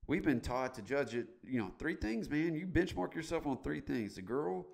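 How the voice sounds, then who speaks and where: A man's voice: on the high side, animated, moderate pace, vocal fry, darkish tone. A middle-aged man as a podcast guest, candidly telling his story in a blunt, emphatic way and swearing casually.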